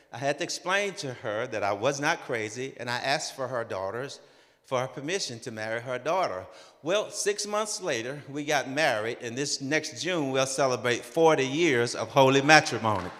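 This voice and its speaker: Animated older man telling a story. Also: mid-range voice, normal speed. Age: 60s. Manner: animated, acts out dialogue in his story. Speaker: conference speaker. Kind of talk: personal storytelling talk. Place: conference hall. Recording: long reverb of a large hall.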